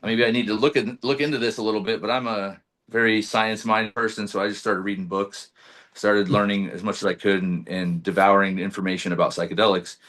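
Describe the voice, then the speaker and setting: A man with a fairly low-pitched voice talks as a podcast guest in loose, casual conversation. He tells his story with animated energy and swears freely. He acts out what he once said along the way. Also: brisk.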